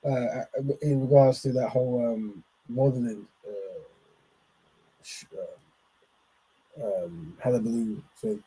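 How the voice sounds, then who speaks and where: Rambling man with a dark husky voice. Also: medium pitch, takes it slowly, pauses often, rough recording. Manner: loose, rambling, with many fillers and shout-outs. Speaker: host. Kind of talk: casual commentary on clips.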